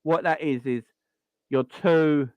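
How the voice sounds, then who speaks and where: A man's voice: on the high side, steady tone, slow, no room sound, dull audio. A man with a South London accent hosting a football call-in stream, talking in a blunt, opinionated way and repeating his points. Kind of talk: casual live-stream commentary.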